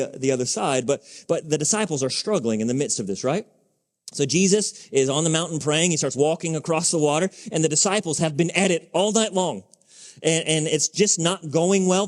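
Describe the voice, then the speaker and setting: A man preaching from the pulpit of a church, and his fairly high voice rings out with a long reverb tail across the sanctuary. He tells the story conversationally and often stops to ask the congregation rhetorical questions. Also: a little mellow. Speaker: pastor. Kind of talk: sermon.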